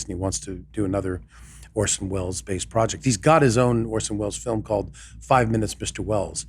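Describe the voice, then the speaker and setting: A man's voice: on the low side, steady tone, fairly quick, slight background noise. An older man from Canada, a guest voice actor chatting casually on a podcast with wry, self-deprecating asides.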